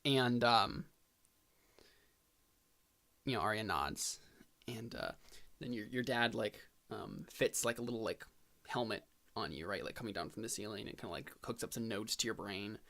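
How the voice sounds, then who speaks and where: A man narrating as game master in a tabletop role-playing game, halting and filling pauses as he describes scenes. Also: fairly low pitch, sharp tone. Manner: halting, full of fillers and restarts.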